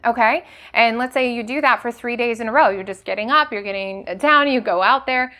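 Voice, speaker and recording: Bright-voiced woman coaching entrepreneurs. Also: a little high, fairly quick. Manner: coaching, repeats "okay?" and rhetorical questions. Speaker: business coach and host. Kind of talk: motivational talk to camera.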